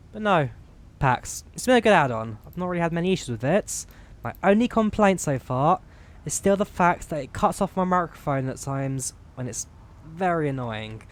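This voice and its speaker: A man's voice: fairly high pitch, moderate pace. Chatty man explaining a flight sim. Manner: relaxed, chatty, explains as he clicks. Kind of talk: casual gameplay commentary.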